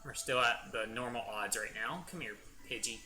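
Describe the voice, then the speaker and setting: A young man narrates a gameplay session in casual, rambling commentary. His voice is very bright and sharp at a mid pitch, and he talks with eager enthusiasm. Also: normal speed, soft background music. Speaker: gaming channel host. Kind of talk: let's play commentary.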